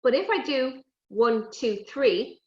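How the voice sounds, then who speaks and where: A woman presenting a lively lesson on animal safety to young children, coaxing them and talking to toy animals. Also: fairly high pitch, slow pace. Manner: animated, coaxing, talks to puppets and kids. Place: indoors, recorded for an online event. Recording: dull, roomy live stream audio.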